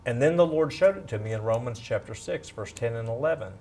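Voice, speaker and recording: A man in his fifties sharing a lively faith testimony as a guest, acting out quotes as he tells it. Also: medium pitch, a little fast. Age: 50s. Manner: animated, storytelling, acts out quotes. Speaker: guest speaker. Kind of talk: faith testimony in a talk show.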